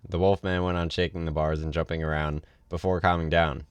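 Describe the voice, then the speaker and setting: A man's voice: sits low, flat delivery, a little fast, clean tone, dry recording, muffled recording. A man reading a novel aloud on a livestream, in a casual way with offhand asides. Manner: casual read with ad-libbed asides. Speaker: reader.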